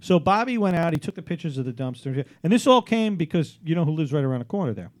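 A man's voice: on the high side, fast. A man hosting a podcast, telling a story casually with lots of fillers. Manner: animated storyteller, many fillers. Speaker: podcast host. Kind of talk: casual chat.

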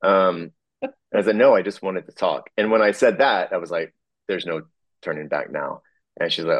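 A man telling a personal story in a halting way, full of fillers, restarts and small chuckles. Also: low voice, no echo.

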